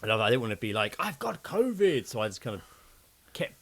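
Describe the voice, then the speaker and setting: A man's voice: fairly low pitch, fast. A man, co-hosting a podcast, telling stories in casual chat, swearing and acting out what people said. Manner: animated storytelling, acting out quotes, swearing. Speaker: podcast co-host.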